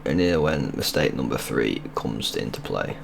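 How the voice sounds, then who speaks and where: A man's voice: very deep voice, big pitch swings, normal speed, gravelly, slight background noise. A young man, telling a rambling, sweary story in casual vlog style over gameplay. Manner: rambling, sweary and loose, with many restarts. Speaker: video creator.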